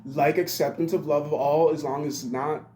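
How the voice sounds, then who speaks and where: A man's voice: fairly high pitch, steady tone, moderate pace, mellow, slight background noise. A man in his twenties giving a rambling monologue, blunt and profane. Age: 20s. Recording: roomy echo.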